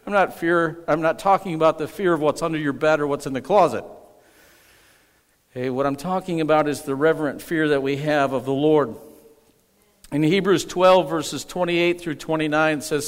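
Man preaching, kinda high voice, big echoey church, asks the crowd for amens. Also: normal speed. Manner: emphatic, calls for congregation response. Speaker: pastor. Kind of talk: sermon. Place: church sanctuary. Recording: echoey hall.

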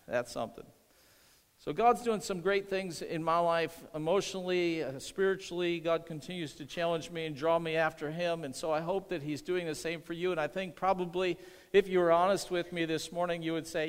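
A man's voice: fairly high pitch, fairly even intonation, brisk, smooth, long reverb tail. A middle-aged man preaching a sermon as pastor, earnest, repeating phrases and calling for amens.

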